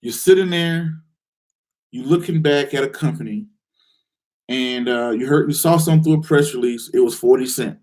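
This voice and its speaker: A man hosting a live investing call-in show, answering viewers' questions in a direct, challenging way with lots of rhetorical questions. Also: moderate pace. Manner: animated, acts out excited investors in a higher voice.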